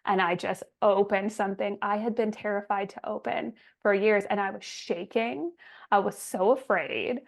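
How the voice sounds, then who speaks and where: A woman podcast host telling a personal story in an emphatic, animated way over a video call. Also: mid-range voice, moderate pace, vocal fry. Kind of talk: casual storytelling.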